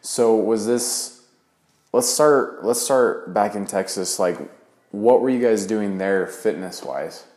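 Male podcast host, low voice, relaxed and filler-heavy, echoey room. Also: takes it slowly. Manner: easygoing, frequent fillers. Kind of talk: casual interview chat. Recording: roomy echo.

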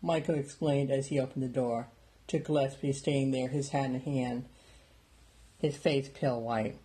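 Mellow-voiced male storyteller. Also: mid-range voice, normal speed. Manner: plain steady reading, small lifts for dialogue. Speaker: narrator. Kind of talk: audiobook narration.

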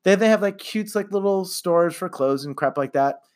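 A middle-aged man chatting casually on a podcast, animated and quick to laugh, with some swearing. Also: high-pitched. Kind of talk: casual chat.

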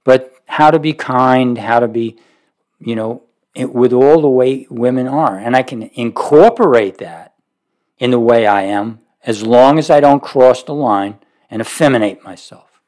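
Emphatic preaching man. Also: measured pace. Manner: emphatic, rising to forceful peaks then dropping low. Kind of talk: sermon.

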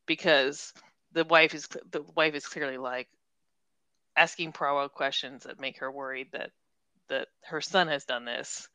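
A woman's voice: rumbling low, fairly even intonation, unhurried, sharp tone, clear, resonant tone, no room sound. A young adult woman co-hosting a casual book chat, retelling scenes and giggling. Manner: chatty, retells scenes with quoted voices, giggles. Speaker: podcast co-host.

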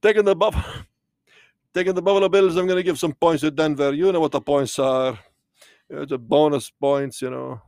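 A man's voice: on the high side, steady tone, moderate pace, a little mellow, no echo, studio quality, close to an everyday voice. A man voicing a tipsy, rambling male vampire count who slurs and jokes about his football bets. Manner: slurred, rambling, drunk-sounding.

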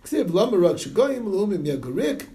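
Animated man teaching a text. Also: high voice, normal speed. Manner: reads Hebrew and Aramaic text aloud then explains it in English, animated. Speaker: Talmud study teacher. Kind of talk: Talmud study class, reading and translating.

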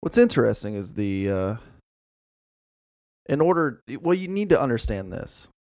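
A man's voice: mid-range voice, big pitch swings, moderate pace, darkish tone, no room sound, clean studio sound. A man co-hosting a casual podcast, playful and reciting odd facts with mock seriousness. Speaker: podcast co-host.

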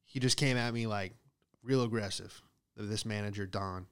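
A young man telling rambling, profane comic stories in a solo monologue, with animated asides. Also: on the low side, normal speed, smooth. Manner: profane, animated storytelling with loud acted outbursts.

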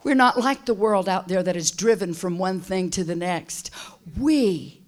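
A woman preaching a sermon who swings between loud, shouted passages and hushed whispers. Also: medium pitch, expressive, a little slow.

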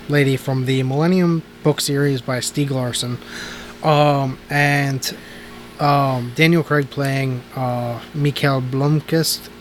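A man's voice: mid-range voice, a little hiss or hum. A man casually reviewing movies on a podcast, rambling with lots of fillers and restarts. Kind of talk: casual chat.

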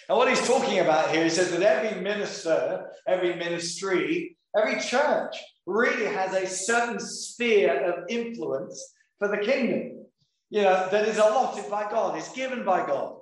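Male pastor with a high voice, slow deliberate scripture reading and chatty asides, recorded in a very echoey room. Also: expressive. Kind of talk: sermon.

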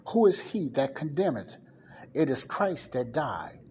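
A man's voice: medium pitch, big pitch swings, a little slow, a little mellow, a little hiss or hum. A man teaching a sermon, reading Bible verses aloud and explaining them, often checking in with his listeners.

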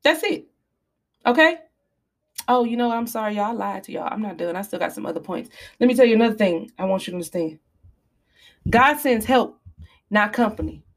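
A woman's voice: medium pitch, a little fast, pauses often. Preachy woman podcaster, casual speech. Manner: animated, preachy, apologizing in mock fashion. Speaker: podcast host. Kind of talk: casual advice talk.

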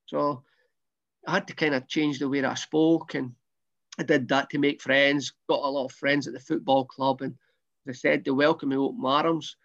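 A man's voice: medium pitch, flat delivery, moderate pace, creaky. A middle-aged Scottish man, a former footballer, recounting his career in a rambling, casual way with many restarts. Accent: Scottish, softened. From Scotland. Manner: rambling, repeats words, restarts often. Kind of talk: casual storytelling interview. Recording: dull lo-fi sound.

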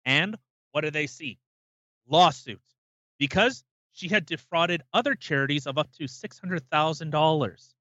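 A man's voice: fairly high pitch, animated, measured pace, pushed and bright, dry recording, muffled recording. A man co-hosting a podcast, ranting emphatically and swearing freely in casual chat. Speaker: podcast co-host.

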